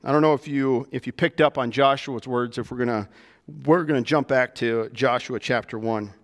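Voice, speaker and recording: A man preaching a sermon to his church, with animated delivery that rises and drops to soft, emphatic lows. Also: moderate pace, long reverb tail. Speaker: pastor.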